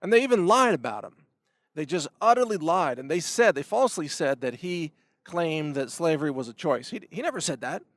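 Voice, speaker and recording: Male host, fiery commentary rant, slightly high pitch, dry close sound. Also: lively intonation, normal speed, no room sound. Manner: impassioned, ranting, with sharp emphatic swings; repeats words on restarts. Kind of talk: political commentary monologue.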